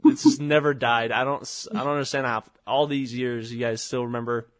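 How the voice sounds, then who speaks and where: A man's voice: medium pitch, a little fast, dry recording, studio quality. A young man hosting a casual podcast chat with old friends, rambling with plenty of fillers and restarts. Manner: rambling, lots of fillers and laughs. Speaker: podcast host.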